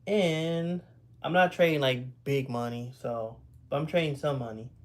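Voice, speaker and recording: A man's voice: mid-range voice, unhurried. Man in his thirties, live-stream chat, sleepy and yawning, rambling, laid-back, streaming from his home computer. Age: 30s.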